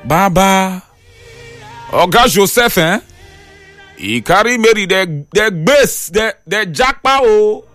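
A man's voice: high-pitched, animated, slow pace, long pauses, fairly bright tone, dry recording, soft background music. A man with a Nigerian accent, preaching through Bible stories in a dramatic, playful, sing-song way. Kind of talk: animated Pidgin Bible storytelling.

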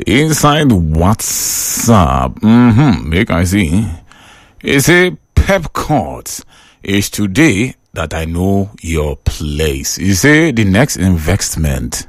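A man's voice: sits low, very animated, extremely slow, no echo. A man with a Nigerian Pidgin English accent hosting a radio call-in show from a studio, animatedly reading out listener messages. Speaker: radio host.

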